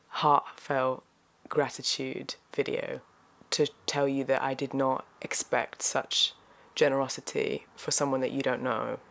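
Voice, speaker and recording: A woman talking to viewers in a heartfelt thank-you vlog, emotional and halting as she expresses her gratitude. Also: extremely low pitch, creaky. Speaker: voice actor and YouTuber.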